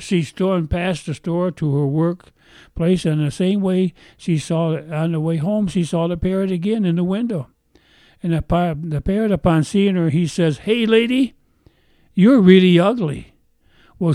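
Earnest pastor with a mellow voice. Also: male voice, a little high, dry recording. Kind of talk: sermon.

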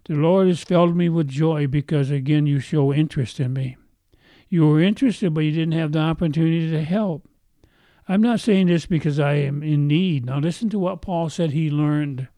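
A man's voice: a little high, moderate pace, dark tone, dry recording. A man preaching a sermon as pastor, earnest, stretching out key phrases for emphasis.

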